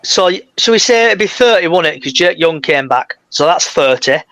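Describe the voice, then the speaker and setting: A man's voice: fairly high pitch, expressive, moderate pace, sharp tone, no echo, poor audio. A man hosting a casual football fan podcast, steering the talk and swearing bluntly. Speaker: podcast host.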